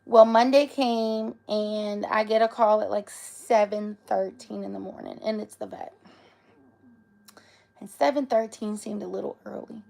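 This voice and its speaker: A woman's voice: medium pitch, fairly even intonation, measured pace, creaky, dark tone, a little hiss or hum. A young woman earnestly telling viewers a personal story on a livestream. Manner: earnest, emotional retelling, talks straight to viewers. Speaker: live streamer.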